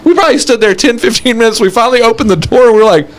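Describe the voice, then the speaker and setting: A man's voice: extremely high pitch, rapid-fire. A young man from Texas, co-hosting a podcast and telling funny stories in casual chat, often laughing as he talks. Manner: animated, laughs through his stories. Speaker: podcast co-host.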